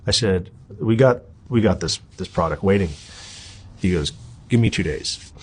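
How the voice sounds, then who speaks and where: A middle-aged man with a husky voice, telling his story as an interview guest in an animated, profane, casual way. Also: deep voice, moderate pace.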